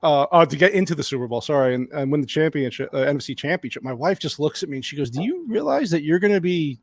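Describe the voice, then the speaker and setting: A man guesting on a podcast, telling an excited, rambling anecdote with lots of restarts. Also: mid-range voice, very fast, dry recording. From lives in Arizona. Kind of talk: casual storytelling on a podcast.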